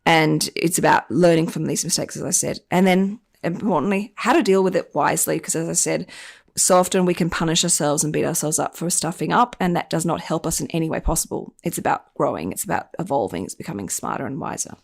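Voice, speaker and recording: Aussie woman podcasting, low and a bit gravelly, candid and self-deprecating. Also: fairly quick. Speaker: personal finance podcast host. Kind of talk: confessional podcast monologue.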